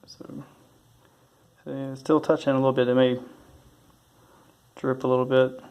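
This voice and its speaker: A man giving a casual hands-on tutorial, talking in a halting, mumbling way as he works, recorded on a phone. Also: mid-range voice, little pitch movement, darkish tone, clean tone. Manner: mumbling, halting, thinking aloud. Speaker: tutorial presenter. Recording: faint background noise from phone recording.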